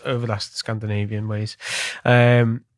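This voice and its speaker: A man's voice: fairly low pitch, flat delivery, normal speed, no echo. A man co-hosting a podcast, mostly answering in short, laid-back agreements and swearing now and then. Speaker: podcast co-host. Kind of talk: casual chat.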